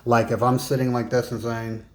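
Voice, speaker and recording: A man's voice: medium pitch, level tone, normal speed, a little mellow. A man coaching in a casual, conversational lesson, emphatic and given to joking asides. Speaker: business and life coach.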